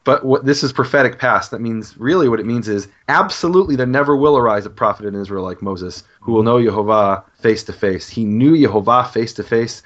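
Direction: Man teaching scripture with eager, halting enthusiasm. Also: mid-range voice, a bit bright, highs cut off. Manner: earnest, enthusiastic, halting with fillers. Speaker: Bible teacher. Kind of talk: scripture discussion.

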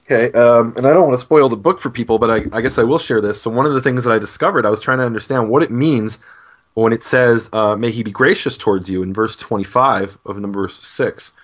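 A man's voice: medium pitch, a little fast, muffled recording. A man, a guest author, earnestly explaining an idea in a podcast conversation, with frequent restarts.

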